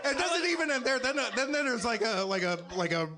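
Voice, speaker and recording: A man with a high, lively voice adds animated comments to a shared story. He is on a live podcast stage, and crowd noise from the audience is clearly heard behind him. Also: fast.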